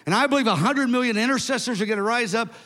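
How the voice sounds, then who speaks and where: An older man in his seventies with a high-pitched voice preaches to his congregation, spinning a story with animated emphasis and casual asides. His voice rings out through a large church hall with a long, lingering reverb. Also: fast talker. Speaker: pastor. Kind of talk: sermon storytelling.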